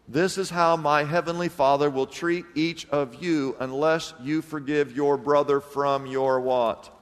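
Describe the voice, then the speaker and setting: High-voiced preacher in a reverberant hall. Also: male voice. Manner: preaching with dramatic swings between loud emphasis and hushed lows. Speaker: pastor. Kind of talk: sermon.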